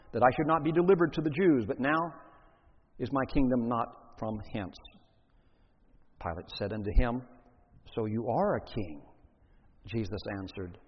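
A man preaching a sermon, reading scripture and then expounding it with deliberate emphasis. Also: medium pitch, a little hiss or hum. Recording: dull lo-fi recording in a reverberant hall.

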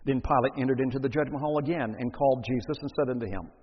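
A man with a slightly husky voice preaches a sermon, reading scripture aloud before expounding on it with deliberate emphasis. The recording is dull and lo-fi, with long reverb from a large hall. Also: medium pitch.

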